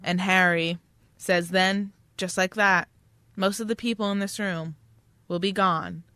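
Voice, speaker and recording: A woman's voice: fairly low pitch, fairly even intonation, unhurried, sharp tone, no echo. Young woman co-host recapping a plot. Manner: self-deprecating, recaps plot, laughs often. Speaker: podcast co-host. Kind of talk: casual book discussion chat.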